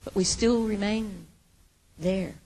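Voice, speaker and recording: A woman preaching a sermon, earnest, moving from hushed, quiet lines to emphatic ones. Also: medium pitch, fairly even intonation, takes it slowly, slightly rough.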